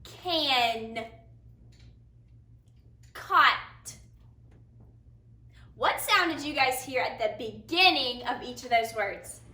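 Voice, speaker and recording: A woman teacher leading a phonics lesson for young children, in a sing-song, slow and encouraging way with big praise, in a classroom. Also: high voice, lively intonation, pushed and bright, distant mic. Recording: roomy sound from a little off the mic, faint room hiss.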